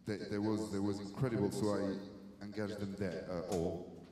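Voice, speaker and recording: A man whose first language is French, speaking English haltingly with many restarts as he answers interview questions about casting a film. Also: fairly low pitch, fairly even intonation, warm tone, slight background noise. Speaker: film director. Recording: echoey hall with long reverb.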